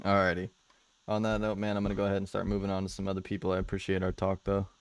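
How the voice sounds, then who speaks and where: A man hosting a live stream in a relaxed, casual way. His voice sits very low, with a gravelly fry. The sound is dry and close to the mic. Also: racing, dry recording. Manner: laid-back, uses filler words often. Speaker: debate stream host. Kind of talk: casual chat.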